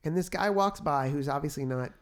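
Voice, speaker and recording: A man co-hosting a faith-based chat, retelling his experiences in an animated, storytelling way. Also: a little high, a little fast. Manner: animated storyteller, gets excited retelling events.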